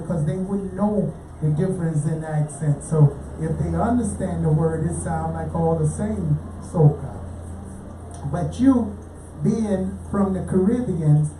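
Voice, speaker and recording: A woman hosting a casual radio show, chatting with guests and asking for donations. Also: warm tone. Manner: chatty, asks questions, drifts into pitches for donations. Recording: roomy, distant mic, faint noise.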